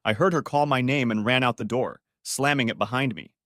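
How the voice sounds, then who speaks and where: A man narrating a first-person drama audiobook in a dramatic, expressive way. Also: medium pitch, brisk, no room sound, clean studio sound.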